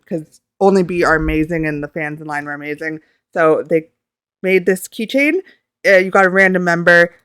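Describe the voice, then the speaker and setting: A young woman vlogging from home, gushing in a flustered, excitable ramble with plenty of swearing. Her voice sits a little low for a woman, smooth and clear. The sound is close and dry. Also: dry recording. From Canada. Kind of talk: casual reaction vlog storytelling.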